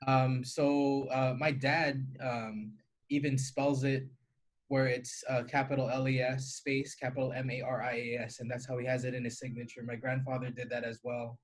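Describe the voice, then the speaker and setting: A man's voice: mid-range voice, level tone, moderate pace. A man from the Philippines, a guest teacher talking earnestly and easily in a casual podcast chat, with many fillers.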